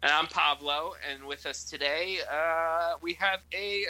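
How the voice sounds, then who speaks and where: Upbeat radio cohost guy, high bright voice bouncing all over. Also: no room sound, low-quality recording. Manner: upbeat, quick to agree and joke. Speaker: radio show co-host. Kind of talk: casual radio chat.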